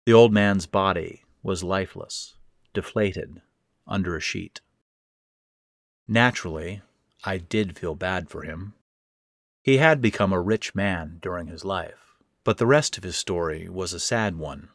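A man narrating a first-person horror story in a measured, deliberate way. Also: sits low, no echo, clean studio sound.

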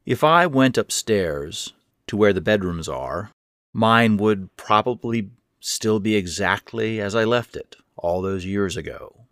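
A man narrating a first-person story in a wry, measured way. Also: lowish voice, lively intonation, a bit bright, no echo, studio quality.

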